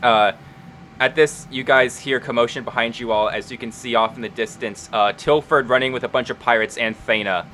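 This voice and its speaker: A man's voice: medium pitch, steady tone, fairly quick, bright, forceful tone, a little hiss or hum. A young man narrating as game master for a tabletop game, casual and full of fillers.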